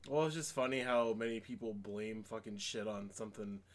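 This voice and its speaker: A man's voice: on the low side, fairly even intonation, moderate pace. A man co-hosting a podcast in casual, crude chat. He peppers his talk with fillers and swearing and laughs often. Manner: profane, filler-heavy, laughing. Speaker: podcast co-host.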